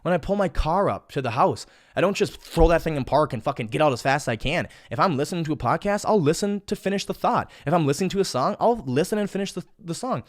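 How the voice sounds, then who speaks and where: A man's voice: high voice, no echo, clean studio sound. A young man hosting a casual solo podcast, rambling with lots of swearing, repeated words and restarts. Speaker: podcast host. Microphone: studio mic.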